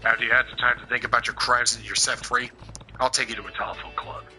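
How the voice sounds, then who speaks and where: A man voicing a stoic, tough male yakuza hero in a video game, speaking low, steady and deadpan. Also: fast talker, soft background music.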